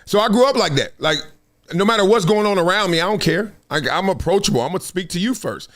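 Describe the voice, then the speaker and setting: Man, middle-aged, host, casual live-stream talk, high voice, lively swinging pitch, animated storyteller. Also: quick pace. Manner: animated storytelling, acts out quotes, laughs often, swears.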